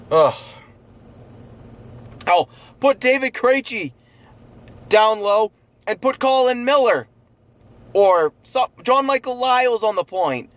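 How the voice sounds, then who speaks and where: A man hosting a sports recap show, ranting angrily and swearing in frustration. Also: high-pitched. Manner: angry ranting, profane, yelling.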